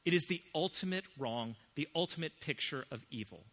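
A man preaching a sermon as pastor, emphatic, swinging between hushed and loud. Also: a little high, lively intonation, a little fast.

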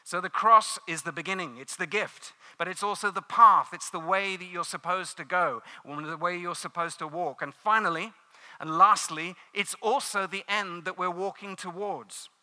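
Earnest, bright-voiced male preacher. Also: high-pitched, normal speed. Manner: earnest, dramatic storytelling, emphatic repetition. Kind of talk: sermon.

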